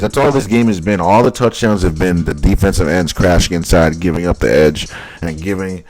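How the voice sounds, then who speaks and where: A man breaking down football highlights in casual commentary, blunt and exasperated, repeating his points. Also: a little mellow. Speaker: football film analyst.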